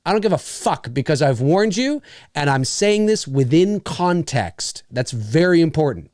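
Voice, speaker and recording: A middle-aged man from Canada chatting casually as a podcast co-host, with a slightly high voice. He rambles, circles back on himself and lands his points bluntly. The sound is dry and close to the mic. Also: expressive, unhurried, darkish tone, dry recording. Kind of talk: casual chat.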